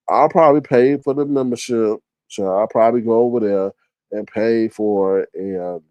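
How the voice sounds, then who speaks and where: Man, lively swooping voice, mellow tone, profane casual storytelling, dry close sound. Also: no echo. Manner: animated, profane, jumps into high-pitched exclamations when quoting himself. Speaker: streamer host.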